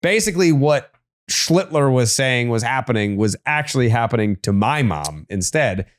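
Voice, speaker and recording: A man's voice: mid-range voice, expressive, moderate pace. A man co-hosting a sports podcast, talking casually and swearing freely. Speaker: podcast co-host.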